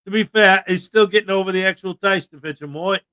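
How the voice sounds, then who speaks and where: A man hosting a casual livestream chat, joking and animated with sudden loud bursts. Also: high voice, a little fast, clean tone. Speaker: livestream host.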